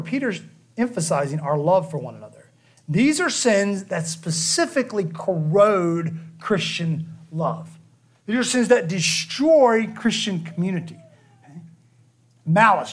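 A man's voice: high-pitched, breathy edge. A man pastor preaching a conversational expository sermon, often checking in with the congregation by asking "okay?".

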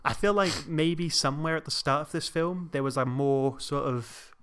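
Male co-host, crisp and bright tone, thoughtful and hedging. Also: fairly high pitch. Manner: measured, hedging with ums. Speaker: podcast co-host. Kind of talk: casual film discussion.

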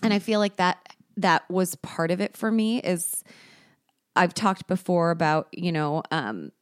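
A woman's voice: lowish voice, unhurried, clear, resonant tone, dry recording. Chatty woman podcaster, dry close mic. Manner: chatty, self-deprecating, laughs often. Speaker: podcast co-host. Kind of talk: casual chat.

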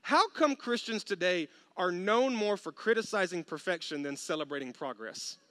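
An animated man preaching a lively, humorous sermon. His voice is high and bright, and the sound is dry and close. He acts out little voices as he tells the story. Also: normal speed, no room sound. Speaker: pastor.

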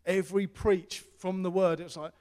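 A middle-aged man preaching a sermon as pastor, earnest and repetitive, swinging between loud appeals and hushed tones. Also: sits high, flat delivery, moderate pace. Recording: long hall reverb.

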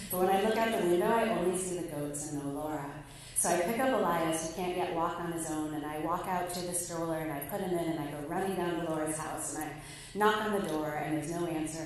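Woman storyteller, 30s, wry and animated; echoey hall, distant mic. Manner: wry, animated, acts out voices in a high tone. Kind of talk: live personal storytelling.

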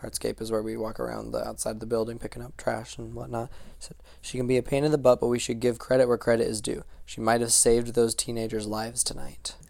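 A young man co-hosting a casual podcast, talking in a relaxed, halting way with fillers while he eats. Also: mid-range voice, creaky, no room sound. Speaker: podcast co-host. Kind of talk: casual chat.

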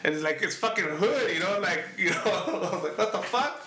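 A man's voice: high voice, brisk, roomy sound, crowd noise. A middle-aged man, telling a story on a podcast in casual, profanity-heavy English mixed with Spanish. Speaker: podcast co-host.

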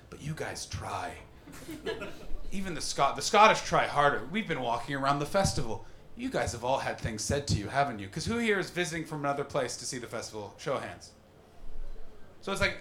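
A man's voice: a little high, slight background noise. Brash stand-up comic man in an echoey room. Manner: animated storytelling, mocking crowd work with put-on voices. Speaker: stand-up comedian. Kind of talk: stand-up comedy set. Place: comedy venue with live audience. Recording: roomy live venue echo.

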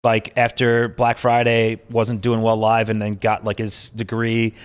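Podcast guest, male, from upstate New York, rambling and filler-heavy, relaxed chat. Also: fairly low pitch, a little slow, clear, resonant tone. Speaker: podcast guest, poker player.

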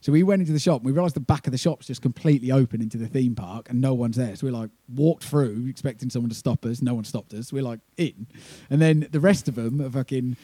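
A man's voice: medium pitch, quick pace, hardly any pauses, mellow, slightly rough, no echo. A man telling a rambling, swearing tour story with laughs in casual chat. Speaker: touring band member.

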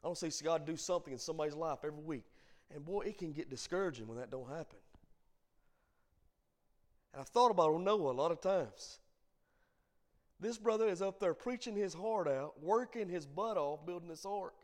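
Pastor guy preaching at bible study, bit high voice, lilt, goes quiet then really loud. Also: lively intonation, brisk, long pauses. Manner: swings from hushed asides to loud emphatic preaching. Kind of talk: sermon.

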